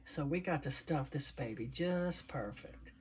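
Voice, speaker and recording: Unhurried and expressive, her low, somewhat mellow voice carries a bit of hiss or hum. The older doll maker talks casually to viewers while stuffing and assembling a handmade doll in her crafting vlog.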